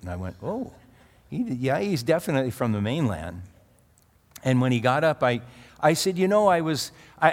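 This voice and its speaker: A middle-aged male pastor giving a sermon in a conversational way, with asides and restarts as he tells a story. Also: mid-range voice. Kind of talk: sermon with personal anecdote. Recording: long reverb of a large hall.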